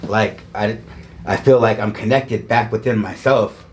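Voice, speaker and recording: A man's voice: fairly low pitch, measured pace, a little hiss or hum. Laid-back male patient in his thirties. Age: 30s. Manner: relaxed, loose, says "man" a lot. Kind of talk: casual talk with his doctor.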